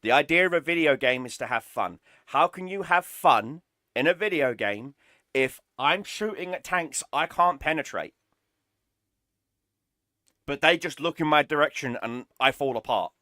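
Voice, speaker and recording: A man's voice: on the high side, expressive, normal speed, sharp tone, no echo, studio quality. A man streaming a game, ranting in an exasperated, sarcastic way and swearing often. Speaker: gaming streamer. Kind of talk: ranting gameplay commentary.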